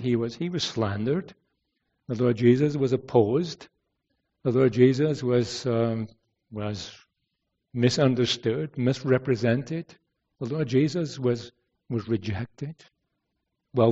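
Male preacher, mellow tone, conversational sermon with rhetorical questions, heard from a distance on a dull recording. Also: medium pitch. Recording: dull lo-fi sound from some distance.

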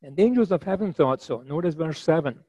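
A man preaching a sermon in a measured, conversational way, with many fillers and restarts. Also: on the high side, expressive, mellow, husky, dry recording, highs cut off.

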